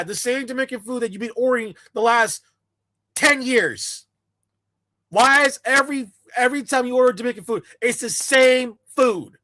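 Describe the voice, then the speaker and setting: Scornful bright-voiced woman ranting. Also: fairly high pitch, unhurried, long pauses, no room sound. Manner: scornful, blunt, mocking. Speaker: commentator. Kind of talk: ranting commentary.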